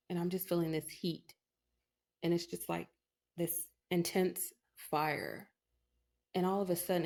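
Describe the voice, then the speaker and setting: Woman, low voice, personal testimony, earnest, casual storytelling, lots of fillers. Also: a little mellow. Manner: frequent "you know" fillers, earnest and emotional. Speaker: testimony speaker.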